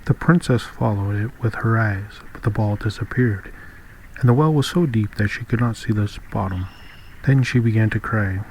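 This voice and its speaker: A man reading a fairy tale aloud in calm, measured scripted narration. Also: on the low side, slight background noise, rough recording. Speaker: audiobook reader.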